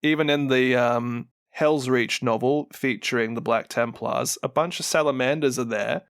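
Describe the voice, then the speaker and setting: A man's voice: mid-range voice, steady tone, moderate pace, vocal fry, fairly bright tone, smooth, no room sound, studio quality. A man with a New Zealand accent, co-hosting a podcast and animatedly retelling lore, laughing often and acting out what characters say. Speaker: podcast co-host.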